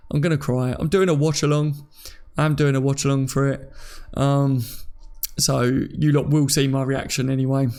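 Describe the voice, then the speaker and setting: A man's voice: medium pitch, darkish tone. A young English man from near London, hosting a live stream and chatting casually while he reads viewer comments, joking and laughing often. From England.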